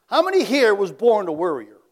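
High-voiced man preaching with rhetorical questions. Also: very animated, a little fast. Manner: conversational, asks the audience rhetorical questions; varies loudness, dropping to quiet tag questions. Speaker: pastor. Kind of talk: sermon.

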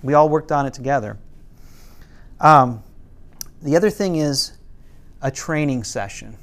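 A middle-aged man teaching a parenting class, telling a story with quoted lines in a casual way. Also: unhurried. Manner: casual, quotes parents and kids in lowered voices, some restarts.

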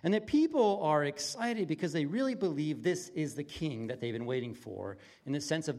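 A man preaching a conversational sermon in an earnest, plain-spoken way, his voice dropping from lively emphasis to hushed, intimate tones. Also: fairly high pitch, fairly quick, few pauses. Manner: earnest, swings from loud excitement to near-whisper intimacy. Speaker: pastor.

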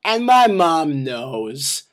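A podcast host, a man, tells a comic story about himself with plenty of swearing and self-mockery. His voice sits a bit high for a man and bounces with animated energy. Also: very slow. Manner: profane, self-mocking and animated.

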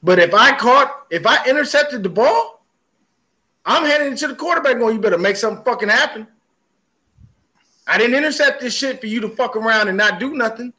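A man co-hosting a sports podcast, telling animated stories in casual, profane chat. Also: extremely high pitch, a little fast. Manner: animated storytelling with heavy cursing. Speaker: podcast co-host.

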